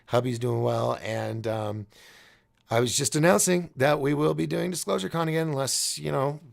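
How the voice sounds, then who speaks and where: A man's voice: medium pitch, moderate pace, vocal fry. A man hosting a nightly call-in show, talking in a rambling, jokey, casual monologue and often laughing at himself.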